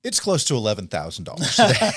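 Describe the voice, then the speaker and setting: A man's voice: medium pitch, wildly swooping pitch, brisk, fairly bright tone, slightly rough, no room sound. A man co-hosting a podcast in casual chat, enthusiastic and rambling. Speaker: podcast co-host.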